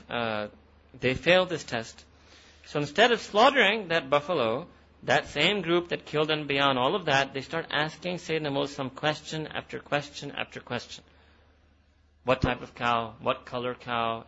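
A man's voice: fairly high pitch, bright, forceful tone, highs cut off. A man teaching a Quran lesson, retelling a story and repeating phrases for emphasis, with Arabic and Urdu words mixed in. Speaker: Islamic teacher.

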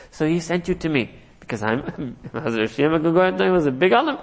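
A man's voice: on the high side, lively intonation, quick pace, gravelly, few pauses, big-room sound, low-quality recording. A man giving a sermon, telling stories in an earnest way and chuckling now and then. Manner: storytelling, earnest, chuckles often, mixes in Urdu and Arabic terms. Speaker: Islamic preacher.

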